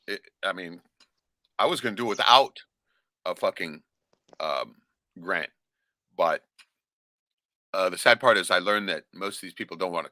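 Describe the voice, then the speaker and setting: A middle-aged man rambles through a personal story, swearing freely and laughing between lines. His voice sits low but rings sharp and forceful. The sound is dry, with no room around it. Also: no echo. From Alaska. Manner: profane, rambling, laughs often, keeps asking "right?". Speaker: vlogger. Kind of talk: casual storytelling monologue.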